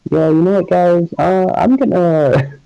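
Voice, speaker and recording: This young podcast co-host has a high, gravelly yet mellow voice and speaks at a measured pace; the recording is clean-toned but dry and lo-fi. Co-hosting a casual live stream chat, he rambles with plenty of fillers and frequent laughter.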